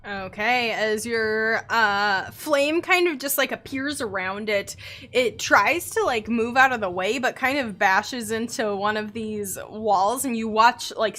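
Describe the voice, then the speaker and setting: A woman running a tabletop game as game master, describing the action vividly between quick rules checks. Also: mid-range voice, bright, forceful tone.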